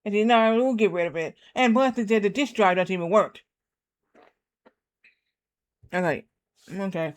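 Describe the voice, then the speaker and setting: High, smooth-voiced man streaming a game. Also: fast. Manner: rambling, many restarts and fillers. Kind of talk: casual livestream chat while gaming.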